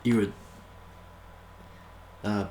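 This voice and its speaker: A man's voice: drawn-out words, warm tone, roomy sound, a little hiss or hum. A British man from the UK casually reading jokes aloud in an amused, self-mocking way. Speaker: YouTuber.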